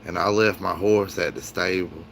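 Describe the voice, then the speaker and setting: A man's voice: low voice, fairly even intonation, moderate pace, vocal fry, fairly bright tone, slight background noise. A man putting on a bragging colonial rider. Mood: boastful. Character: swaggering boastful male colonial rider.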